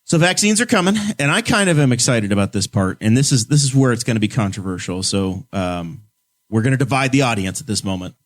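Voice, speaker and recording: A man's voice: medium pitch, lively intonation, fast. A man from Indiana hosting a podcast, leading the topics with dry, joking asides in casual chat. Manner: wry, joking. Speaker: podcast host.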